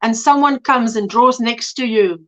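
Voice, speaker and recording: A woman's voice: a little high, measured pace. A woman hosting a casual crochet livestream, chatting and teasing, greeting viewers by name. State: a little out of breath. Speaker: livestream host. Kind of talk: casual live chat while crocheting.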